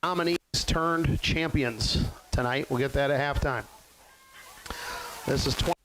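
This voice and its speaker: A man in his forties calling a local football game as the play-by-play announcer, with folksy, excitable hype. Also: mid-range voice, unhurried, slight background noise, rough recording. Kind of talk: local sports webcast commentary.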